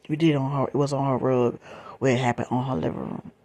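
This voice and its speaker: A woman telling a true story in a whispered storytime, moving between soft whispers and her normal voice and repeating phrases for emphasis. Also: extremely low pitch, normal speed.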